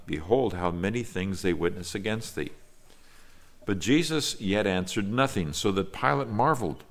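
Deep-voiced male pastor preaching. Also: fairly bright tone, slight background noise. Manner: reads scripture aloud in archaic wording, then explains it; measured and earnest, with small fillers when speaking freely. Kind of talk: sermon with scripture reading.

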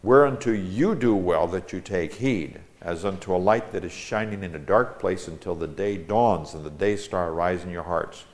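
A man's voice: sits low, moderate pace, few pauses. A man preaching a Bible-teaching sermon, reading Scripture aloud with rising emphasis and explaining it.

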